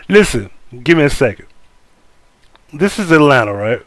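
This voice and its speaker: Male livestream host: blunt, profane, swoops up and down in pitch, dry close sound. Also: normal speed, dry recording. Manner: blunt, profane, animated, talks to chat. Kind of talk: casual live commentary.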